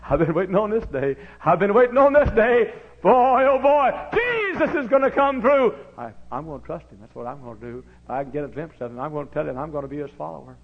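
A man's voice: medium pitch, fairly even intonation, very fast, vocal fry, hardly any pauses, lightly acted. A man voicing a short, eager tax collector, talking in an earnest, pleading way in a sermon story. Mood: excited. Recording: dull lo-fi recording.

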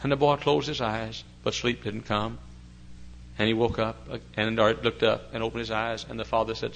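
An older man preaching a sermon, swinging from quiet talk to loud, impassioned preaching, with folksy chatty asides. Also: medium pitch, level tone, moderate pace, creaky, a little hiss or hum, low-quality recording.

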